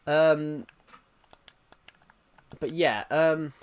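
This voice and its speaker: A man's voice: fairly high pitch, steady tone, very slow, clear, resonant tone. A young man from England with an English accent, rambling casually on a live stream, reading chat messages aloud and swearing casually. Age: young adult.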